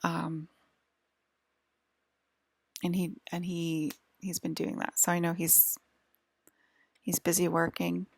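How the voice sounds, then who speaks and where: A woman talks to her camera in a loose, rambling monologue, stopping and restarting her sentences and now and then sinking into a whisper. Her voice sits low and carries a gravelly fry. The recording is close and dry, with no room sound. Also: completely flat delivery, darkish tone, no room sound. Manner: halting, many restarts and fillers, drifts into whispers. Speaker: vlogger.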